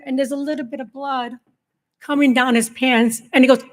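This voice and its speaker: Middle-aged woman giving halting, emotional testimony. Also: high voice, fairly even intonation. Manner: emotional, halting retelling with many restarts. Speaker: survivor giving a talk to law enforcement. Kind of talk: personal testimony speech.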